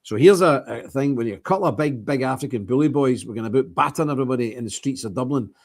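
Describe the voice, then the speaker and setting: Hosting a livestream, a man rants casually, blunt and emphatic, with frequent chuckles. He talks at a racing pace in a creaky, medium-pitched voice.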